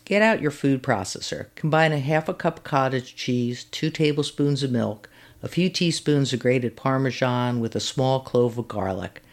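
Her bass voice moves at a normal speed as she reads scripted, step-by-step cooking directions. She's a woman who volunteers as a master gardener, and she sounds friendly and instructive, reading the recipe steps at an easy pace.

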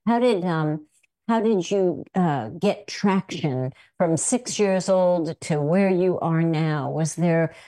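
A woman's voice: on the low side, takes it slowly, mellow. A woman co-hosting an interview, encouraging the guest with many affirmations. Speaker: co-host.

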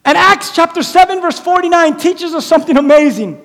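A man preaching a sermon in a church, animated and conversational, acting out little quotes as he goes. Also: very high voice, a little fast. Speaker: pastor. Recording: echoey hall reverb.

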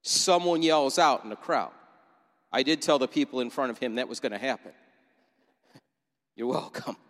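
Pastor preaching in a reverberant hall. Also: male voice, medium pitch, expressive, moderate pace, fairly bright tone. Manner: vivid storytelling, inviting listeners to imagine. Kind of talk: sermon. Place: church sanctuary.

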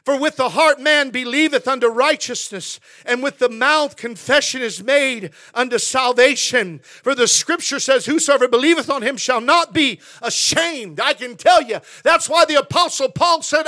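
A male pastor preaching in a church sanctuary, with a very high voice and a bright, forceful edge. He swings from shouted declarations down to near-hushed asides, pressing every line with passion. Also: moderate pace, few pauses. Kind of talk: sermon.

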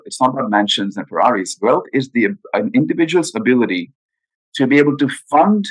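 On a low-quality recording, a husky, medium-pitched man talks retirement planning as the guest financial adviser on a podcast interview. His delivery is earnest and emphatic, peppered with rhetorical questions.

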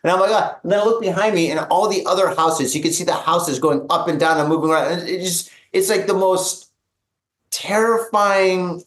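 A man's voice: on the high side, quick pace, hardly any pauses, reverberant. A man telling a dramatic story in casual chat, acting out what people said, with lots of restarts. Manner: animated, acts out quotes, many restarts.

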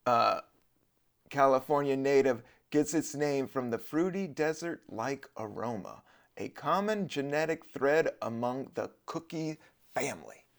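A man's voice: medium pitch, a little slow, vocal fry. A man from the Washington DC area hosting a podcast in a loose, wandering, jokey monologue, swearing casually. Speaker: podcast host.

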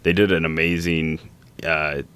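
Deep, bright-toned joking male co-host. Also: level tone, a little slow, clear, resonant tone. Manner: hesitant, many fillers and restarts, joking. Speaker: podcast co-host. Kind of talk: casual chat.

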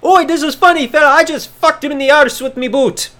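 A man's voice: very high-pitched, a little fast, pushed and bright, pitched above the performer's own voice. A man doing a mock Irish voice as a brash, cocky wrestler, drawling slangy catchphrases.

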